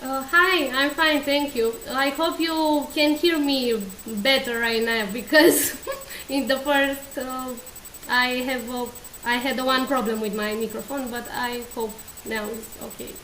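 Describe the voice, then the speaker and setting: A woman's voice: high-pitched, steady tone, a little slow, a bit bright, echoey room, a little hiss or hum, poor audio. A woman from Romania with a Romanian accent, a flute student speaking hesitantly and politely over a video call.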